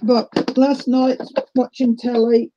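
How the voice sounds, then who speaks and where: A woman's voice: fairly high pitch, little pitch movement, takes it slowly, lo-fi sound, noisy background. A middle-aged woman with a New Zealand accent, hosting a casual craft livestream and chatting with viewers as she works. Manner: chatty, greets viewers while working.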